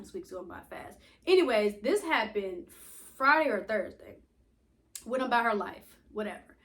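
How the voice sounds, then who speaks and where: A young woman vlogging in a casual, rambling way, telling stories animatedly and acting out dialogue, laughing often, recorded on wireless earbuds. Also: fairly high pitch. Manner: laughs often while talking. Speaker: YouTuber. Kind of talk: casual rambling vlog talk.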